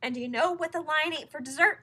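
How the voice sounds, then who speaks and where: A woman reading a children's book aloud in a playful, expressive way. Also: high-pitched, fast. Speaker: narrator.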